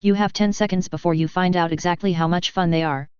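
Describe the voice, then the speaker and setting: A woman's voice: lowish voice, fairly even intonation, fast talker, a little mellow, clear, resonant tone, no room sound, dull audio, lightly acted. A woman voicing a cool, dangerous woman mercenary who sounds sweet and cheerful with a cold edge underneath, in an audiobook read.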